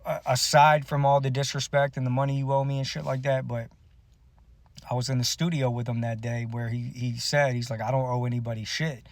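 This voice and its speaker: A man's voice: mid-range voice, level tone, brisk, no room sound. A man and musician telling a personal story to camera in a blunt, bitter, profane way. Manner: bitter, aggrieved retelling.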